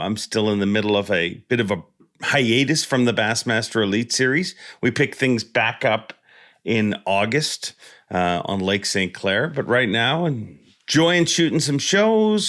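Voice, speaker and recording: A man's voice: mid-range voice, a bit bright. A man hosting a fishing podcast in a casual, joking, rambling monologue, born in Ireland. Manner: jokey, rambling, self-deprecating. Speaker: podcast host.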